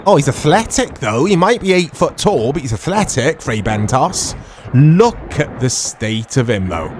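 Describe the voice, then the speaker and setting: A middle-aged man chatting casually and excitably as he comments on a retro video game he is playing, rambling and laughing often. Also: mid-range voice, measured pace, slight background noise. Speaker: retro gaming YouTuber.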